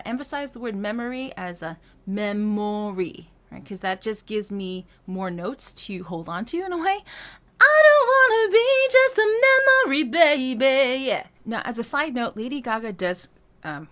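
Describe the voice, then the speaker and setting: A woman vocal coach talking through a singing lesson with a lively, up-and-down voice. She explains technique in a relaxed way, stopping and restarting her sentences, and her pitch moves widely as she talks. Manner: explains technique, then sings short phrases and vocal drills; frequent fillers and restarts while explaining. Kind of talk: singing lesson with sung demonstrations.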